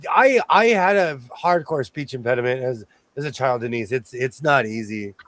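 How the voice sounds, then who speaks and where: A man's voice: mid-range voice, animated, normal speed, fairly bright tone, poor audio. A man hosting a casual chat, talking in an easygoing way with lots of restarts and self-corrections. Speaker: host.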